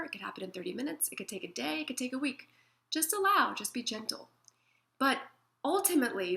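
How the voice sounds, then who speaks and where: A woman teaching an emotional wellness method in a gentle, soothing way, sometimes acting out feelings as she talks. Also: high voice. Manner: gentle, soothing, acts out feelings in quoted asides. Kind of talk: guided self-help talk.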